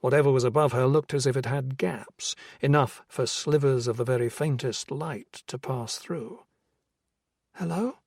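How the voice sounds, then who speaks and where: Male audiobook narrator with a husky voice and a steady, measured thriller read. The recording is dry and close. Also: medium pitch, dry recording. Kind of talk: scripted narration.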